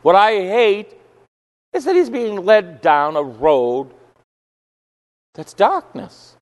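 A male Catholic priest preaching a sermon, telling stories emphatically and rising to forceful outbursts. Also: high-pitched, very animated, takes it slowly. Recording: long church hall reverb.

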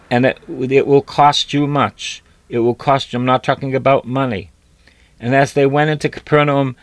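A man delivers a sermon, reading scripture and repeating lines to drive them home. His voice sits at a middle pitch, recorded close and dry with no room sound. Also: no echo. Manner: repeats phrases for emphasis, reads scripture aloud. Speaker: preacher.

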